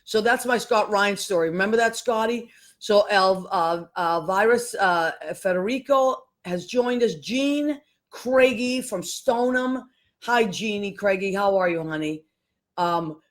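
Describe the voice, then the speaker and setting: A woman hosting a live show solo, chatting casually and greeting listeners one by one by name. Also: medium pitch. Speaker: host.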